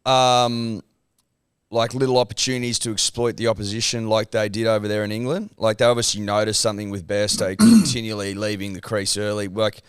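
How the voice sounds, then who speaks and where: A man's voice: fairly low pitch, steady tone, brisk, clear, resonant tone. A man hosting a casual sports interview, asking questions in a conversational, hesitant way. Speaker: interview host.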